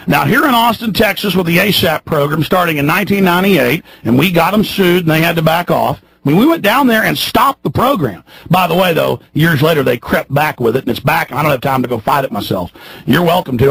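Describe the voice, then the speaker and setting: A radio talk show host in his thirties delivering a heated, fiery monologue, swinging between shouts and low mutters. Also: gravelly, breathy edge, dry recording, poor audio. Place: radio studio.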